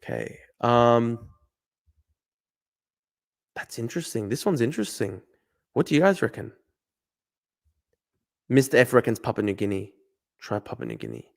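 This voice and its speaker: A young man with an Australian accent talks to his live-stream chat, muttering his guesses aloud and swearing freely. His voice sits at an ordinary middle pitch. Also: animated, moderate pace, vocal fry, pauses often. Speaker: livestreamer. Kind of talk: casual live-stream commentary.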